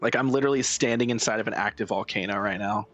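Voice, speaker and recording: A man's voice: lowish voice, fast, a bit bright, lo-fi sound. A young man streaming a video game, chatting casually, rambling and breaking into giggles. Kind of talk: casual gameplay chat. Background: game music.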